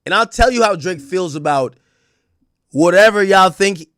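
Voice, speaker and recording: A man's voice: high voice, expressive, moderate pace, a bit bright, no room sound, studio quality. A man hosting a stream, giving heated, casual commentary in an emphatic, slangy way and laughing often. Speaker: streamer host.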